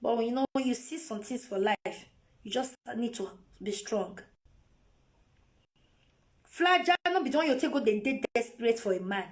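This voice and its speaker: A woman's voice: fairly high pitch, animated, normal speed, long pauses. A Nigerian woman on a phone live video, lecturing her viewers in a scolding, repetitive way. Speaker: vlogger.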